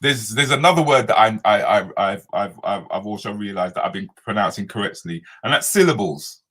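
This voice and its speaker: Low husky man chatting on a stream. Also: animated, brisk, a bit bright. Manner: chatty, laughing, talks back to commenters. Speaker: live stream host. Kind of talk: casual chat reading out viewer comments.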